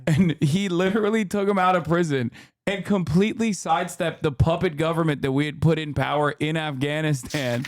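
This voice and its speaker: A man in his thirties hosting a live stream, reacting to a video with sarcastic, rapid riffs. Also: a little high. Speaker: streamer host. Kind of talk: casual reaction chat.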